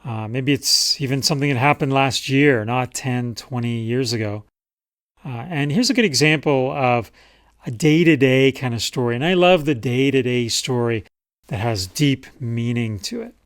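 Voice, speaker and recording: A man's voice: medium pitch, normal speed, no room sound, studio quality. A man talking casually as a writing coach, explaining memoir writing and reading passages from a client's work. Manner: conversational, reads passages aloud from a client's memoir. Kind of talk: casual teaching talk.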